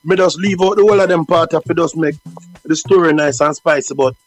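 Jamaican man, high voice, animated storyteller, soft music behind. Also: a little fast, rough recording. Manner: animated, acts out quoted voices. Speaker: guest, reggae deejay. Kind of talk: storytelling interview.

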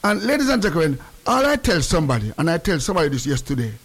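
A radio host chats casually in a fairly high, rapid-fire voice with a breathy edge. He's animated and slips back and forth between patois and English.

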